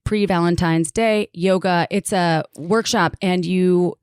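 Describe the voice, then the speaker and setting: A woman's voice: on the low side, fairly even intonation, slow pace, darkish tone, smooth, no echo, studio quality. A woman co-hosting a podcast, chatting casually and enthusiastically while promoting events and products. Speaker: podcast co-host.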